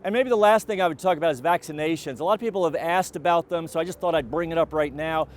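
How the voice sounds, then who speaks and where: A middle-aged man giving a college president's video update, speaking in a measured, deliberate way with frequent fillers and restarts. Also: on the high side.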